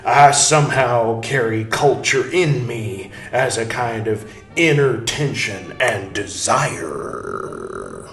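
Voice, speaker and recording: A man voicing a haggard male shepherd who left his German homeland, in a deliberately poor German accent, measured and unbothered. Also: medium pitch, big pitch swings, vocal fry, fairly bright tone, heavily acted. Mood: calm. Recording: roomy echo, faint music.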